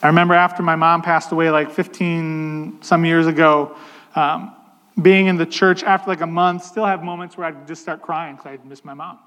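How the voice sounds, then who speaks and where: A man with a fairly high voice preaches in a relaxed, conversational way. He slows down to stress key points. His voice rings in a hall with a long reverb. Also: clear, resonant tone. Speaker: pastor. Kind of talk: sermon.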